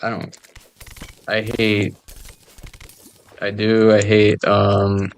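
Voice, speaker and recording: A man's voice: on the low side, completely flat delivery, very slow, smooth. A man joking and rambling through casual gameplay commentary, often trailing off into mumbled asides. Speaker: gamer recording gameplay.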